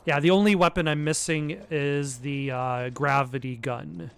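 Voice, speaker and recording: A man's voice: a little high, fairly even intonation, unhurried, creaky, smooth. A man giving casual gameplay commentary, rambling and self-deprecating with lots of hesitant restarts. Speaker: let's play commentator.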